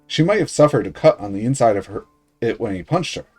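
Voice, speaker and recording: A male streamer reads a visual novel aloud for his audience, stopping now and then for casual asides. His pitch moves a lot as he reads, lively and animated. Quiet music runs in the background. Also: quick pace, breathy edge.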